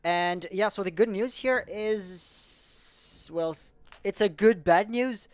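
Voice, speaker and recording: A man with a high-sitting voice speaks slowly as he casually commentates an amateur esports match, rambling, chatting, and often fixing what he says mid-sentence. There's no room sound.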